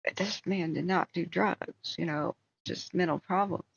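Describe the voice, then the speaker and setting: A woman's voice: fairly low pitch, measured pace, vocal fry, husky, dry recording, dull audio. A woman hosting a livestream, telling a long story in a casual, rambling way and breaking off for asides. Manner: rambling, animated retelling with asides. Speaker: livestream host.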